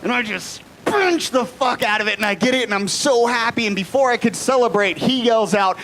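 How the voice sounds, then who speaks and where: A man in his late twenties performing a profane stand-up comedy set on a live stage, dropping to low mutters and then shouting the punchlines. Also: fairly quick, few pauses, a little hiss or hum. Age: 20s.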